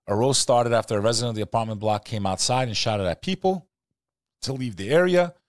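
A man hosting a podcast, talking casually and animatedly, swinging between loud rants and quiet asides. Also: mid-range voice, brisk, dry recording. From Albanian family. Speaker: podcast host. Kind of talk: casual talk-show commentary.

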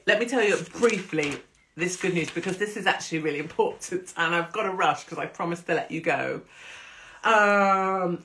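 A woman's voice: deep voice, a bit bright. Woman, casual host, rambling chatter, free swearing. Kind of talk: casual livestream chat.

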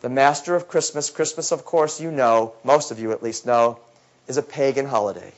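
A man giving a lecture, telling a story in an animated way and acting out his own past words, often dropping to a low, intense tone. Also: normal speed. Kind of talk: lecture talk. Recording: dull lo-fi recording.

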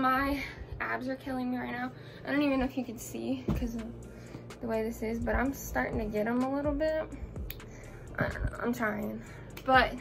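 A young woman with a slightly high voice talks through her home workout vlog, out of breath and rambling with plenty of ums. Her chatty phone-recorded voice sits over clear background music. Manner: rambling, chatty, filler-heavy. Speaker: vlogger. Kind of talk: casual rehab workout vlog.

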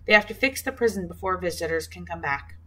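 A woman voicing a gentle elderly grandfather who reassures his granddaughter by phone in a storybook reading. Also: fairly low pitch, lively intonation, fast, recorded from a distance, poor audio. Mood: reassuring.

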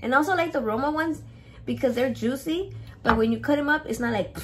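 A woman's voice: high-pitched, fairly quick. A young woman filming a casual cooking vlog in her home kitchen. She is playful and swears a lot, and she drops Spanish words into her English. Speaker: home cook vlogger. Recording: clear noise of chopping and clicks.

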